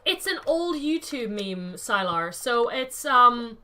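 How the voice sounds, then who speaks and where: A woman's voice: a little high, sing-song, takes it slowly, sharp tone, a little hiss or hum. A young woman chatting casually to her live-stream viewers while playing a game, thinking aloud and answering chat by name.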